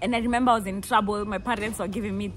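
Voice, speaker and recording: A Kenyan woman in her twenties, telling stories in a lively, playful way and acting out the people she quotes. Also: medium pitch, rapid-fire, a little hiss or hum. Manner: animated, playful, laughs often, acts out quotes. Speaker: vlogger. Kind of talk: casual storytelling.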